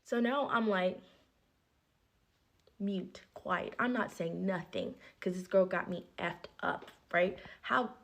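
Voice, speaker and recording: A woman's voice: fairly low pitch, takes it slowly, gravelly. A woman in a viral clip telling a story in a casual storytime, blunt and indignant.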